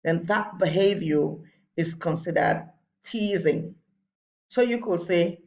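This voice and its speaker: A woman's voice: lowish voice, takes it slowly, a little mellow, lo-fi sound. A woman teacher giving a recorded lesson to children, patiently repeating her points.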